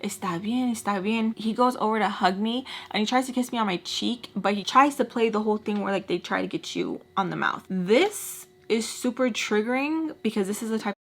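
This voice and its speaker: A woman's voice: medium pitch, fairly quick, few pauses. A woman telling a personal storytime to camera in a casual way, swearing freely and acting out the people in her story. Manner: expressive, swears freely, acts out scenes with quoted voices. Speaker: storytime vlogger.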